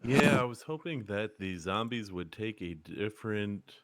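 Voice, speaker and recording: Low, lively-pitched man at the game table. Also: a little slow, dry recording. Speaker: player. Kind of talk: casual tabletop play.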